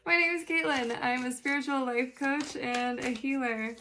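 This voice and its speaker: A woman's voice: sits high, steady tone, normal speed, sharp tone, a little hiss or hum. Chatty woman giving a tarot reading. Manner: chatty, dry sarcastic humor. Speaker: spiritual life coach and tarot reader. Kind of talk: casual tarot reading vlog.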